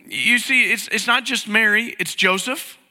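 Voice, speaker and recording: A man's voice: high-pitched, a little slow, sharp tone. A man preaching a conversational sermon, asking the congregation questions and acting out inner voices. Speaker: pastor. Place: church sanctuary. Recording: long hall reverb.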